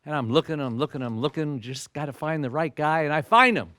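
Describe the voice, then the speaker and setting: A man's voice: a little high, a little fast, no room sound, clean studio sound. A man in his sixties gives a storytelling speech to an audience as a motivational speaker, acting out the dialogue as he goes. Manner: animated storyteller who acts out dialogue.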